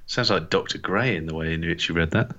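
A man's voice: deep voice, fairly quick, bright, forceful tone, highs cut off. A man co-hosting a casual sports podcast, laid-back and dryly skeptical in his banter. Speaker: podcast co-host.

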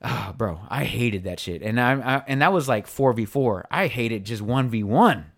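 A man's voice: medium pitch, normal speed, creaky. A man chatting casually and telling a story, swearing often and acting out what other people said. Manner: swears a lot, animated storytelling with acted-out quotes. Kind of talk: casual chat.

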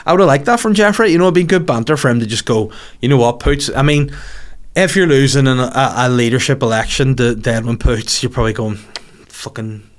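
A man's voice: medium pitch, quick pace. A man hosting a comedy show, riffing in a casual monologue and swearing freely. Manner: swears freely, breaks into voices.

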